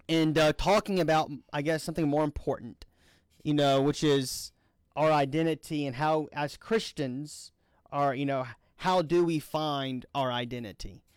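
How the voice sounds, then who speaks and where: A man's voice: a little high, darkish tone, clear, resonant tone, dry recording. A man from Louisiana, a church minister hosting a session, chatting and joking with restarts. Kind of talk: casual talk leading a church session.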